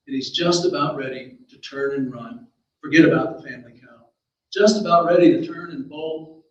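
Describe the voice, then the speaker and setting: A man's voice: fairly high pitch, moderate pace, highs cut off. A man telling a folksy story aloud at a library event, with chatty asides to his listeners. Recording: very echoey room, distant mic.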